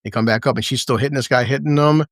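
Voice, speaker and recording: A man's voice: mid-range voice, very fast, no room sound, studio quality. A man casually recapping a TV episode on a livestream, rambling, swearing a lot and laughing often. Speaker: show recap host.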